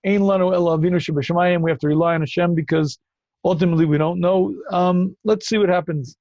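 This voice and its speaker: A man hosting a call-in Q&A as a rabbi, emphatic and quick to cut in with repeated phrases. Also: sits high, fairly even intonation, darkish tone, no room sound, highs cut off. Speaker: rabbi answering callers. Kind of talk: call-in Q&A talk.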